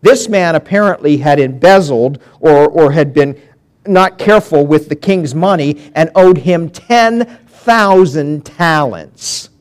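A man preaching a sermon, reading scripture verses and explaining them to his congregation. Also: a little high. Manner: animated preaching with long pauses, reading scripture aloud. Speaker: pastor.

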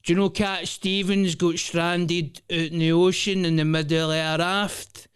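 A man's voice: high-pitched, little pitch movement, measured pace, smooth, voice pushed up. A Scottish man voicing his old-school dad, who breaks into crooning and rambles about random trivia. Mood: rambling.

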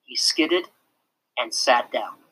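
An expressive narrator reading a children's chapter book aloud, sometimes dropping to a whisper. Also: medium pitch, slow, slight background noise, low-quality recording. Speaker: storybook narrator.

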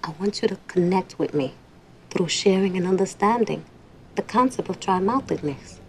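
A woman's voice: mid-range voice, expressive, normal speed, slight background noise, natural voice, poor audio. An actress playing a fed-up, demanding woman who lectures with biting sarcasm in a film scene. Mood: sarcastic lecturing. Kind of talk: film dialogue.

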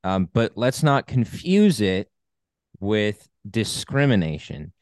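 Male podcast co-host, low-ish voice, dry close sound, upbeat explainer. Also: sing-song, slow pace, darkish tone, dry recording. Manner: upbeat, explains definitions at length. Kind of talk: casual conversational podcast.

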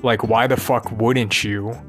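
A man's voice: medium pitch, steady tone, slow pace, faint music behind. A rambling, profane man venting. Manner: profane, ranting, keeps asking "right?". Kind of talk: rambling monologue.

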